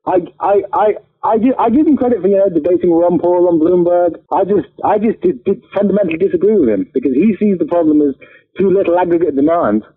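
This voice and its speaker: A man, a guest on an interview, talking with halting, stammering restarts. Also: high voice, slightly rough. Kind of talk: casual interview chat. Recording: phone line.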